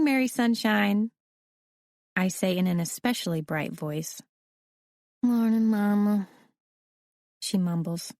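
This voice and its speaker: A woman reads a first-person novel in a steady, conversational way. Her voice sits low, and the recording is close and dry with no room sound. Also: no room sound. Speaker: audiobook narrator. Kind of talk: first-person scripted narration.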